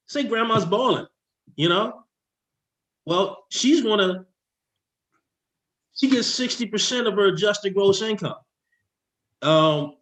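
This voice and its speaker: A man, a tax expert guest, explaining with slides in an excitable, rushing way that keeps interrupting itself. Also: high voice. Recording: echoey room.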